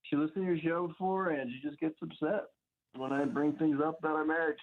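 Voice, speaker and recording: A man calling in over a tinny phone line, his voice thin and narrow. He talks in a hesitant, sheepish way, with pauses and fillers. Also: a little high, steady tone. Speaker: caller. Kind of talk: call-in question.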